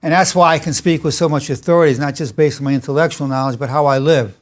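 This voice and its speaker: A man's voice: fairly high pitch, fairly even intonation, quick pace. An older man, a psychologist, giving a motivational lecture in an emphatic, self-assured way and illustrating it with personal stories.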